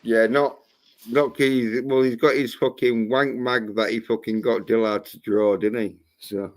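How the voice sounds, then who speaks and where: A man's voice: medium pitch, fairly even intonation, measured pace. Blunt, foul-mouthed man. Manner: profane, blunt and mocking. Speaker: livestream host. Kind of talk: casual panel chat.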